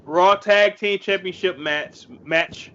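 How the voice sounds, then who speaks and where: A man's voice: high voice, slow pace, fairly bright tone. A man co-hosting a podcast in casual chat, blunt and swearing freely. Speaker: podcast co-host. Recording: dull lo-fi audio.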